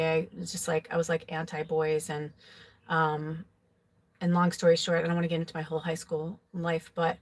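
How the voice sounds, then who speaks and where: A woman who reads tarot, telling a personal story in a casual, rambling, emotional way, full of "like" and "you know.". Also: lowish voice. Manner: rambling, filler-heavy, with frequent "like"; emotional, confessional. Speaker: psychic tarot reader.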